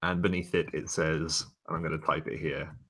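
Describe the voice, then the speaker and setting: A man narrating and running a tabletop role-playing game, talking in a relaxed way with fillers. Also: rumbling low, normal speed, breathy edge. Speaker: game master.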